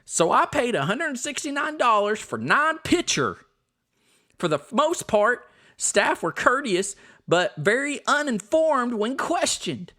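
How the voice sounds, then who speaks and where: Guy doing a squeaky southern tourist, mad about everything, voice all over the place. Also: sing-song, sharp tone, heavily acted. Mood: indignant. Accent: put-on Southern US. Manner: high, indignant, drawn-out complaining. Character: shrill angry Southern theme park tourist. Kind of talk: reading reviews in a comic voice.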